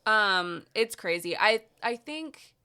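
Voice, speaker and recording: A woman's voice: mid-range voice, expressive, slow, pushed and bright, smooth. A young woman co-hosting a podcast in casual chat, opinionated and chatty, restarting often. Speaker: podcast co-host.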